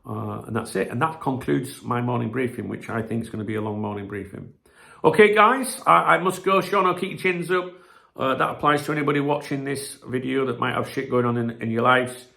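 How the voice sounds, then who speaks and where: A man's voice: medium pitch, brisk, creaky, bright, forceful tone. A man hosting a casual live-stream chat, rambling and blunt, swearing freely, with plenty of filler words and restarts. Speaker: channel host.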